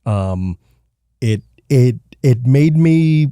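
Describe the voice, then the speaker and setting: A man's voice: medium pitch, lively intonation, drawn-out words, mellow, clean tone, no echo, studio quality. Earnest podcast co-host man. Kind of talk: casual podcast chat.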